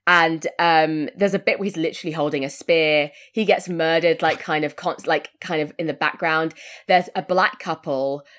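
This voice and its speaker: A woman's voice: sits low, fairly even intonation, moderate pace, a bit bright. A woman hosting a podcast, chatting casually about films, laughing often and swearing now and then. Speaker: podcast host. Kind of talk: casual film discussion.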